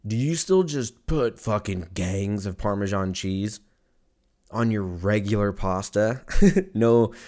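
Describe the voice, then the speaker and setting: A man with a somewhat low voice talks through a loose comedic podcast monologue. He is crude and profane, wanders off topic, and mocks himself as he goes. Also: warm tone. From Armenian and German heritage. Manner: rambling, profane, self-mocking.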